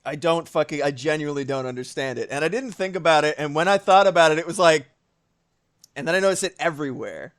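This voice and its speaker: A man chatting casually on a live stream while he draws, animated and swearing freely, with quick asides. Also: on the high side.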